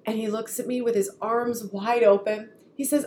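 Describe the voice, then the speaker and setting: A woman's voice: fairly high pitch, steady tone, moderate pace, darkish tone. A woman co-hosting a podcast, telling a story in casual chat and acting out the voices she quotes. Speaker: podcast co-host. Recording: roomy echo, faint ambient noise.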